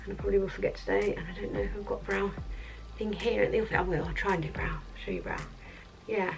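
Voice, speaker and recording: A woman vlogger chatting in a rambling way through a makeup tutorial at her office, sometimes dropping to soft murmurs. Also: medium pitch, fairly even intonation, quick pace, creaky. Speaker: beauty vlogger. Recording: mic at a distance, faint background music.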